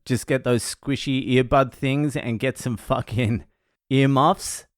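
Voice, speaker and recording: A man's voice: mid-range voice, steady tone, takes it slowly, dry recording, clean studio sound. A man, a stand-up comedian, telling rambling, profane anecdotes in a casual vlog. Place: home in Australia.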